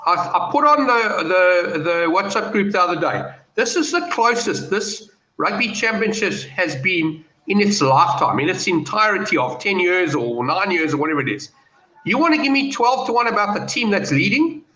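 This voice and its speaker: A betting pundit with a high-sitting voice chats at a moderate pace in a casual video-call panel. He comes across as animated and sure of himself, swapping stories and betting takes over roomy, dull lo-fi call audio.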